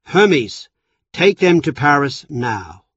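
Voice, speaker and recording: A man's voice: fairly high pitch, big pitch swings, slow, a bit bright, no echo, recorded from a distance, full character voice. A man voicing a mighty, irritable male king of the gods who barks orders. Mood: commanding. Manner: commanding, exasperated. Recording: dry, slightly dull recording.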